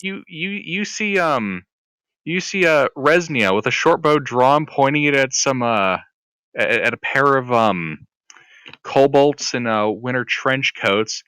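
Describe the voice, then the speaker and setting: A man narrating as game master of a streamed tabletop game, halting with many fillers. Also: mid-range voice, a bit bright, clean tone, dry recording, clean studio sound.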